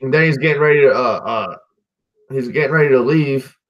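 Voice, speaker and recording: On a dull-sounding recording, a man with a fairly bright, mid-range voice talks a little fast. He's a podcast host loosely recapping a movie, swearing heavily, leaning on "dude" and "like," and repeatedly correcting himself as he rambles.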